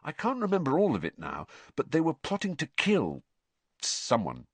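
A man voicing an earnest, troubled teenage boy in a storybook reading, in a raised pitch. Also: wildly swooping pitch, normal speed, breathy edge, no echo, heavily acted.

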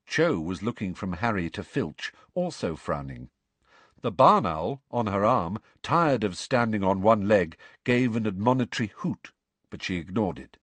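A man narrating an audiobook in an expressive storytelling manner. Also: on the low side, a little slow, slightly rough, no room sound.

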